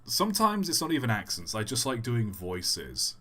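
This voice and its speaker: A man chats casually on a live stream, answering viewer questions. His voice is bright and forward. He rambles, backtracks and pokes fun at himself. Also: medium pitch, big pitch swings, moderate pace, few pauses. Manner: rambling, self-deprecating, with many fillers.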